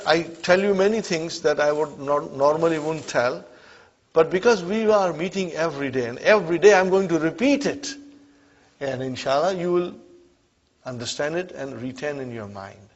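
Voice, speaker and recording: Animated and fairly high-pitched, a man leads an Arabic lesson at a moderate pace, drilling phrases call-and-response style and often making sure students follow along. The recording is muffled and lo-fi, made in a classroom.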